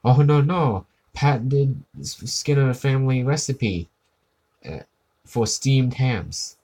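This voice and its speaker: A man's voice: medium pitch, takes it slowly, a little mellow. A man doing a flustered, fumbling school principal. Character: flustered middle-aged male school principal.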